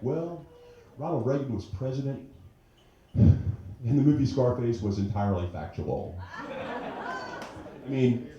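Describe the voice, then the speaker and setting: A man's voice: mid-range voice, huge pitch swings, slow pace, pauses often, mellow, lo-fi sound. A middle-aged man doing a brash, crude stand-up comedy set on a comedy club stage, with a handheld mic. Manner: brash, crude, with mock-fussy character voices. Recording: very echoey club room.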